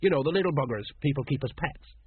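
A man playing a sly, drink-loving middle-aged male sergeant with a knowing delivery and a very husky voice. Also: fairly high pitch, fast talker, slight background noise, close to an everyday voice. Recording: dry, phone-like narrow sound.

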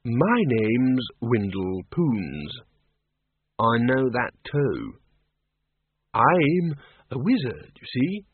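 A man voicing a hesitant, polite old male zombie wizard who speaks in halting, drawn-out phrases. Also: mid-range voice, sing-song, slightly rough, no room sound, heavily acted. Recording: tinny radio broadcast.

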